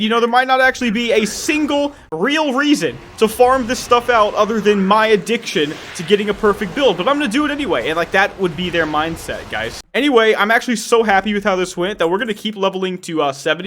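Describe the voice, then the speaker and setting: A young man giving rambling, animated gameplay commentary as a YouTuber, talking straight to his viewers. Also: high-pitched, brisk, slight background noise. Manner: animated, rambling, addresses viewers as guys and dude. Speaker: gaming YouTuber.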